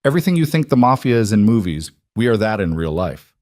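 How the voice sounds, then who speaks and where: Guarded mob boss, voiced by a male narrator: low, quiet, terse, no warmth. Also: quick pace, dry recording. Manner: quiet, terse, flat replies. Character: cold, blunt crime boss, quiet and guarded.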